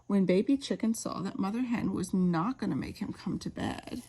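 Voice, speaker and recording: A woman reading an old bedtime story aloud in a gentle, unhurried way. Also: mid-range voice, breathy edge.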